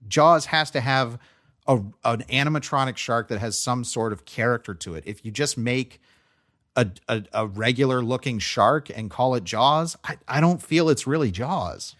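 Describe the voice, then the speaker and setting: A young man co-hosting a podcast riffs on films in relaxed, conversational talk, his sentences looping back with plenty of "um" and "like" as he rambles and restarts. His pitch sits in an ordinary middle range, and he speaks at normal speed.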